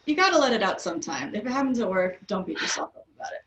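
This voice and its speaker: A woman's voice: medium pitch, big pitch swings, very fast, muffled recording, a little hiss or hum. A young adult woman chatting as an interview guest, laughing often and using lots of fillers. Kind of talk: casual interview chat. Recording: roomy, distant from the mic.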